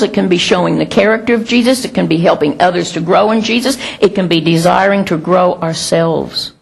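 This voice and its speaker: A woman's voice: mid-range voice, creaky, breathy edge. A middle-aged woman preaching a sermon in a conversational, emphatic way with self-mocking humor.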